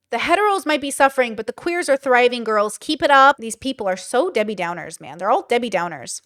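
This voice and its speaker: A woman's voice: on the high side, lively intonation, brisk, hardly any pauses, a bit bright, no room sound, clean studio sound. A young woman doing reaction commentary on her channel, blunt, sarcastic and swearing freely. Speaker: YouTube commentator.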